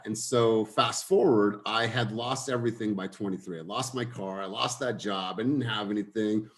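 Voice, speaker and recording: A young man leading a group coaching call, telling a personal story in an earnest way and speaking directly to the group. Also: medium pitch.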